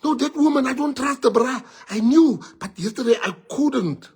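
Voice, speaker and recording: A man with a South African accent voicing a lovesick former convict, whining high and near tears. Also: moderate pace, a little mellow, husky, full character voice. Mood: confiding.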